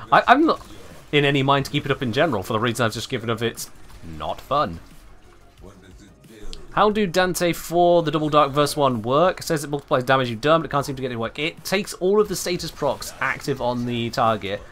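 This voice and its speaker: A male game streamer giving live commentary, speaking with sweeping highs and lows like an old-time radio host. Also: expressive, fairly quick, a bit bright, soft background music.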